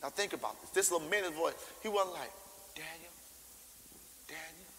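A man preaching a sermon, informal and animated, acting out scripture and calling out to the congregation. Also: fairly high pitch, fast, in a large hall, slight background noise, poor audio. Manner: animated, acts out scripture with shouted character voices; informal, call-and-response preaching.

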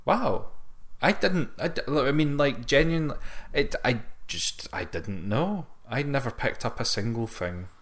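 A man's voice: mid-range voice, lively intonation, measured pace, a bit bright. A man co-hosting a podcast, chatting casually in a wry, hesitant way, often correcting himself. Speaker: podcast co-host. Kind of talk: casual chat about retro games.

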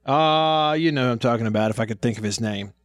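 A man's voice: mid-range voice, fast talker, no room sound, studio quality. A man with a Southern US accent hosting a radio show, chatting casually, laughing easily and rambling through stories. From American South. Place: radio studio.

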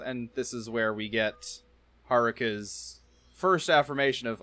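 A man's voice: mid-range voice, measured pace, no room sound. A man co-hosting a podcast, casually recapping plot and acting out lines. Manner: narrates plot with animated quoted voices. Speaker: podcast co-host.

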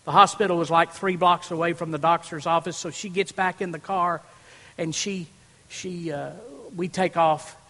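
A pastor preaching a sermon from a church platform, telling a personal story and swinging from hushed moments to loud preaching. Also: male voice, a little high, steady tone, normal speed. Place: church platform before a congregation. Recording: long reverb in a large hall.

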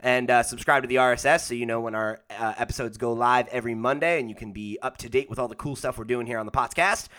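Bright-voiced man hosting a casual podcast. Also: medium pitch, fast talker, hardly any pauses, clean tone. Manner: jokey, energetic, lots of fillers. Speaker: podcast host. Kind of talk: casual podcast chat and plugs.

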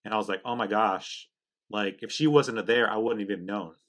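A middle-aged man hosting a faith conversation, telling a family story in a quick, chatty, animated way. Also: fairly low pitch.

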